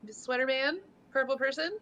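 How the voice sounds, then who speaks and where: A woman's voice: high voice, fairly quick, pushed and bright, a little hiss or hum, rough recording. A woman playing in a tabletop game, chatting in a bubbly, joking way. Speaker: player. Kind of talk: casual chat.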